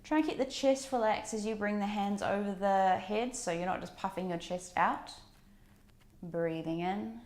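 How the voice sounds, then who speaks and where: A woman fitness instructor leading a workout, giving calm breathing and movement cues with chatty asides. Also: mid-range voice, moderate pace.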